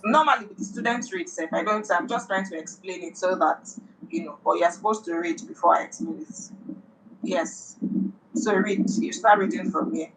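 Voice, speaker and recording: A woman's voice: lowish voice, normal speed, gravelly, slight background noise, poor audio. A woman teaching a beginner French, explaining accents patiently and checking understanding. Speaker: French tutor. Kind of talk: one-on-one language lesson.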